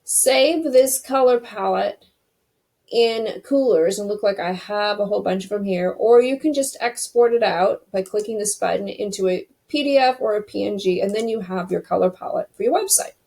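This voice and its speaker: A woman's voice: mid-range voice, normal speed, mellow. Woman, tutorial host, casual screen-recorded walkthrough, chatty, thinks aloud. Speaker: web design tutorial host.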